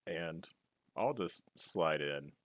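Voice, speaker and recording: Deep-voiced joking man at a game table. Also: animated, slow, no room sound. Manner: joking, profane, cocky. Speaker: player. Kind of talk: casual tabletop game chat.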